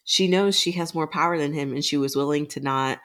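A woman's voice: deep voice, brisk, fairly bright tone. A woman co-hosting a book podcast, casually retelling scenes with quoted dialogue and some swearing. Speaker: podcast co-host.

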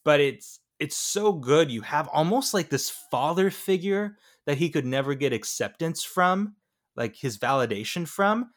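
A man's voice: a little high, lively intonation, measured pace. Man, podcast co-host, casual film chat, rambling, enthusiastic. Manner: rambling, enthusiastic, many "like"s and restarts. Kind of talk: casual movie review chat.

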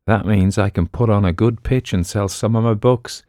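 A man's voice: fairly low pitch, moderate pace, warm tone, no room sound, studio quality, voice pushed up, lightly acted. A man doing a glib know-it-all sleuth. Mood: self-assured. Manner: breezy, self-assured, glib. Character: quick-witted know-it-all male bookseller sleuth.

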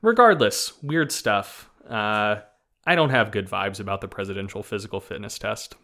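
A man with a somewhat low voice co-hosts a podcast in easy chat. He rambles, fills pauses with "uh" and "like", and jumps up in pitch when something strikes him. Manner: animated, rambling, many fillers and pitch jumps. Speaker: podcast co-host. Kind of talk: casual chat.

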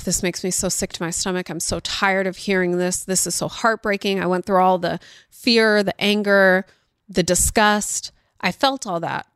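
A woman's voice: on the low side, fairly bright tone, dry recording, clean studio sound. A woman hosting a podcast, talking on her own in an earnest, emotional way and speeding up when she retells tense moments. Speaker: podcast host. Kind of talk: reflective solo talk.

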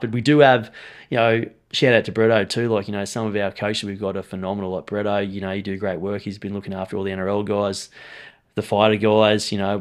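A young Australian man talking energetically as a podcast guest, saying mate often. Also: on the low side. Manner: energetic, talks fast, says mate often. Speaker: podcast guest, strength and conditioning coach. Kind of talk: casual interview chat.

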